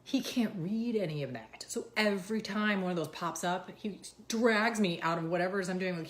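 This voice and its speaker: A woman's voice: lowish voice, fairly bright tone. A woman in her thirties, chatting casually and rambling on camera at home. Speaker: vlogger. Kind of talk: casual chat. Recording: roomy echo.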